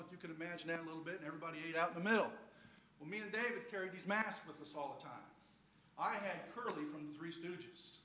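An older man with a slightly high voice, preaching a sermon through a playful personal story. He tells it in a lively way and enjoys the humor in it.

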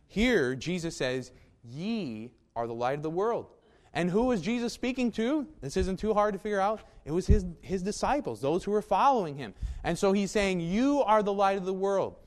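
A man preaching with a voice pitched a little above most men's. His delivery is folksy and emphatic, and he keeps turning to the congregation with quick asides. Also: animated. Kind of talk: sermon.

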